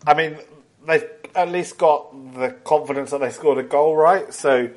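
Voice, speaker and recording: A man's voice: a little high, normal speed. A man hosting a casual football podcast, bantering, teasing and laughing often. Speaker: podcast host.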